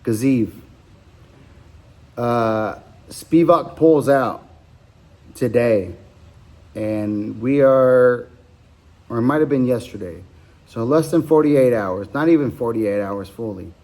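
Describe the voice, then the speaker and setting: A man's voice: mid-range voice, slow pace, pauses often, darkish tone. A man hosting a podcast, casually talking through fight betting picks, rambling with frequent ums and self-corrections. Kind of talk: casual solo betting breakdown.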